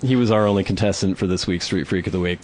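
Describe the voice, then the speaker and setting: A man's voice: sits low, quick pace. A man co-hosting a podcast and telling a comic story, acting out the people he quotes. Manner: animated storyteller who acts out the people he quotes. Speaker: podcast co-host. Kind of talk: casual comedic storytelling.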